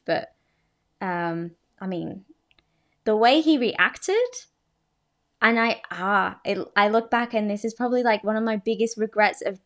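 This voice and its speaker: A young woman in her twenties talks through her own dating past on a podcast. Her delivery is candid and chatty, full of fillers and asides, and she keeps poking fun at herself. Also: mid-range voice. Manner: self-deprecating, chatty, many fillers and asides. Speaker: podcast host. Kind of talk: candid confessional podcast monologue.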